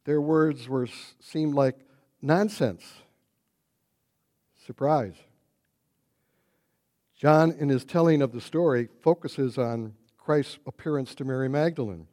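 A man preaching an Easter sermon, retelling a story and building to loud, repeated exclamations. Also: medium pitch, slow, long pauses.

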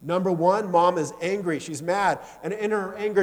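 A man's voice: moderate pace, few pauses. Man preaching in an echoey hall. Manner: storytelling, swings between loud emphasis and soft low asides. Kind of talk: sermon.

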